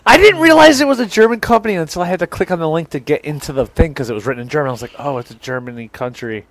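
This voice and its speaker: A man's voice: fairly high pitch, lively intonation, rapid-fire, fairly bright tone. A young man co-hosting a podcast, telling a rambling, self-deprecating story and acting out both sides of the conversation. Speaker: podcast co-host. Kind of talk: casual storytelling chat.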